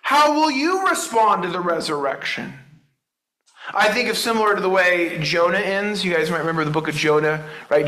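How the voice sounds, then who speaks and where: A man's voice: a little high, fairly bright tone, roomy sound, low-quality recording. A man preaching a sermon in a conversational way, asking his listeners many rhetorical questions. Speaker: pastor.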